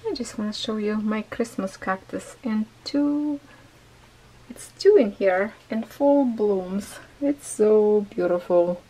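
A woman casually chatting at home in a craft vlog, slipping into high baby talk with her puppies, her English a little non-native. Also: slow pace, dark tone, rough recording. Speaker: cross-stitch vlogger.

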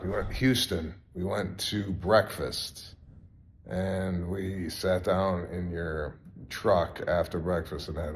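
A man co-hosting a podcast, talking loosely with swearing and calling people bro, then reading an ad. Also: low voice. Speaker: podcast co-host. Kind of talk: casual podcast chat and ad read.

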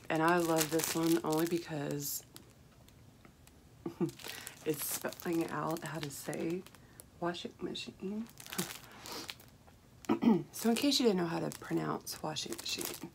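Chatting casually, this craft haul vlogger speaks softly in a low, rough, froggy voice, taking her time with long pauses. She wanders through her thoughts with fillers and restarts. Underneath, there's a clear hiss and the crinkle of packaging.

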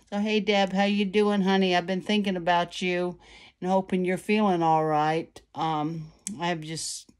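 A woman's voice: deep voice, darkish tone. A woman chatting casually to a phone camera at home, with many fillers and restarts. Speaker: card-making vlogger. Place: at home, indoors.

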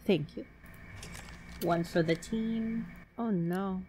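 A woman chatting excitedly through a co-op shooter game, shrieking and repeating herself when things go wrong. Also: medium pitch, slow pace, soft background music. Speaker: gaming streamer. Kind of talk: excited gameplay chat.

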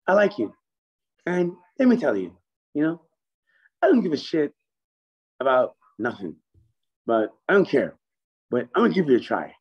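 A man putting on a brash, gruff businessman. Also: on the high side, sing-song, moderate pace, long pauses, a little mellow, highs cut off, pitched above the performer's own voice. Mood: emphatic. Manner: gruff, emphatic, swearing. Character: brash, blunt male retail businessman.

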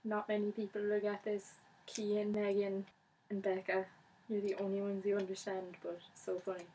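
Young woman vlogger, chatty and bubbly, monotone delivery, light hiss behind. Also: mid-range voice, moderate pace, low-quality recording. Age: young adult. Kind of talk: casual chat to camera.

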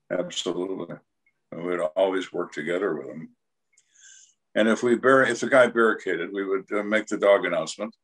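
An older man with a low, husky voice tells crime stories as an interview guest. His delivery is blunt, dry and dramatic, with deadpan punchlines. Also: normal speed. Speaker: retired homicide detective, guest. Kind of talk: storytelling interview.

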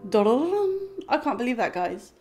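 Excitable woman gaming streamer, high voice. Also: unhurried, faint music behind. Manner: excitable, swears, laughs, talks to her dog. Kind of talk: live game-stream chat.

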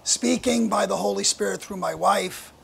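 A man's voice: high voice, normal speed, gravelly, a bit bright, a little hiss or hum. A man opening a sermon as pastor, speaking conversationally and thinking aloud.

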